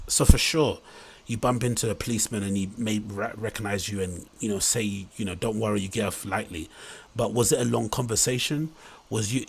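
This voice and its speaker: Male host, husky voice, incredulous rambling reaction commentary. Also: medium pitch. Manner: incredulous, rambling, mock-enthusiastic.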